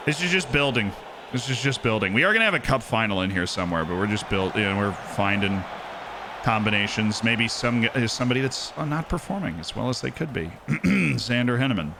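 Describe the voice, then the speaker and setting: A male game streamer talks at a middle pitch, chatting loosely between reactions to the match. He jokes with his chat and cheers or groans at each chance. Steady game music plays clearly behind him. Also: brisk. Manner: animated, joking, cheers and groans at the play. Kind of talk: live-stream commentary while playing and reading chat.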